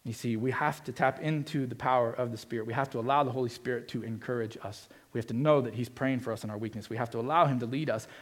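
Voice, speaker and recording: A man preaching a sermon as pastor, earnest and emphatic, swinging between forceful stretches and quiet ones. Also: medium pitch, fairly even intonation, quick pace, few pauses.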